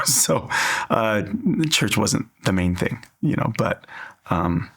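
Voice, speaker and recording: Earnest low-voiced man telling his story. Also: animated, slow, gravelly, breathy edge. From Southern California. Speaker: interview guest. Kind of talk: personal faith testimony.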